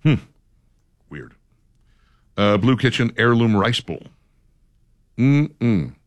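A man's voice: mid-range voice, sing-song, very slow, dry recording. A man hosting a casual radio chat, reading a list aloud with dry, sarcastic commentary. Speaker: radio show host.

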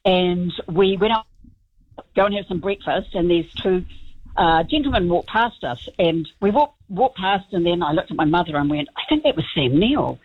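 A woman with a New Zealand accent, calling in to a radio show and telling a story in a chatty, excited way. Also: on the low side, moderate pace, husky, narrow, tinny audio. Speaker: caller. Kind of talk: phone-in anecdote.

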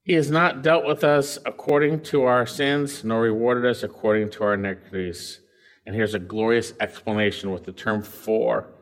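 A man's voice: steady tone, moderate pace. A man preaching a verse-by-verse sermon, reading scripture and then explaining it with emphasis and questions to his listeners. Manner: emphatic, swings from loud highs to quiet lows; reads scripture aloud and asks the congregation questions. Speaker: pastor.

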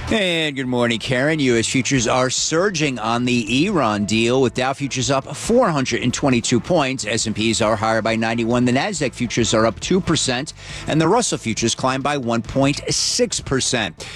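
A man reporting markets from a news desk, reading figures in a steady, crisp way. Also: medium pitch, moderate pace.

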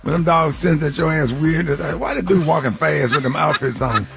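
A man's voice: on the high side, fairly quick, creaky, over music. A man hosting a radio morning show, teasing and wisecracking in joking banter.

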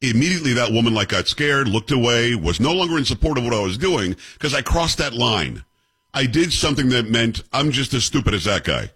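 A middle-aged man hosting a talk radio show, telling stories in an emphatic, animated way. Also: medium pitch, fairly quick, breathy edge. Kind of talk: casual talk radio chat.

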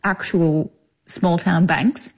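A woman's voice: lowish voice, fairly even intonation, slow, creaky, husky. A woman with an Australian accent, an actress talking casually in an interview, chatty with many fillers. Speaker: actress, guest.

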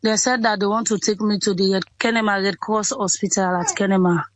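A woman in her twenties with a Sierra Leonean accent, telling her story in an interview in simple, halting sentences that often repeat. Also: medium pitch, fairly even intonation, no echo, low-quality recording. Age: 20s. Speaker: interviewee, Ebola survivor. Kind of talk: interview over a phone or call.

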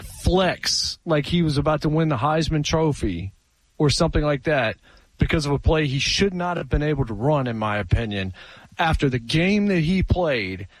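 A man's voice: fairly high pitch, no room sound, rough recording. Opinionated sports co-host, man. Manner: opinionated, animated, restarts often. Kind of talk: sports radio talk.

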